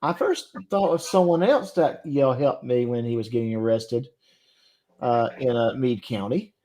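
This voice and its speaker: A man co-hosting a reaction show, talking hesitantly with many pauses and fillers. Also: medium pitch, expressive, warm tone, rough recording. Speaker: co-host.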